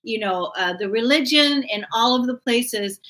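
A woman's voice: on the high side, normal speed, fairly bright tone, low-quality recording. A woman speaking earnestly and emphatically in a casual spiritual conversation.

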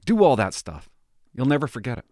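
A man's voice: medium pitch, very animated, brisk, darkish tone, dry recording, studio quality. A former police officer talking casually to camera, nervous and laughing to himself as he pries open a device. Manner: nervous, laughing, talks to himself while tinkering. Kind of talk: casual vlog narration.

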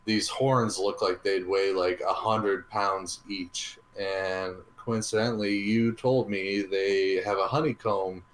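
A man's voice: low voice, fairly even intonation, takes it slowly, hardly any pauses, slight background noise. A man co-hosting a podcast, chatting casually in a rambling, easygoing way with many ums. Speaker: podcast co-host. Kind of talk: casual chat reviewing a restaurant. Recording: roomy echo.

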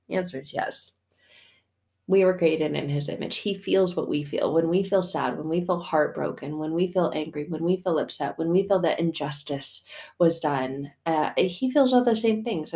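Chatty woman talking faith casually. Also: medium pitch. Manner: chatty, slangy, swears, animated storytelling. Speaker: mother; faith podcast host.

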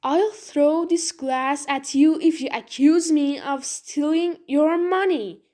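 Woman reads a touchy young poacher, high and sharp, storybook role. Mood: indignant. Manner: indignant, quick. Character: defensive young male poacher, hot-tempered.

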